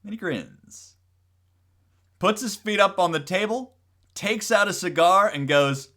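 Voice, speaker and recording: A male streamer chatting casually and telling a joke, animated and laughing often. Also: sits high, unhurried.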